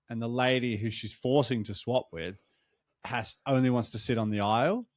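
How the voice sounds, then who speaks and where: A man's voice: mid-range voice, moderate pace, dry recording. A young Australian man co-hosting a casual podcast, telling travel stories with plenty of swearing. He sounds worn out from the trip. The recording is dry and close, with no room sound. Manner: swearing, animated storytelling. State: tired after travel. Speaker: podcast co-host. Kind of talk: casual chat.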